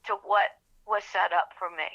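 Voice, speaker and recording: A woman's voice: medium pitch, normal speed, dull audio. A woman author, telling her story as a podcast guest and acting out the voices of the people in it. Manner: animated storyteller, acts out quoted voices, gets emotional. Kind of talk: storytelling in an interview.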